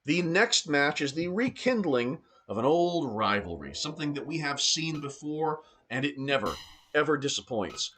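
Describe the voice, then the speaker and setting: Breathless, shouting wrestling commentator man. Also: fairly high pitch, measured pace. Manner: excited, shouting calls with frequent restarts. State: out of breath, scratchy throat. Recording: loud background noise.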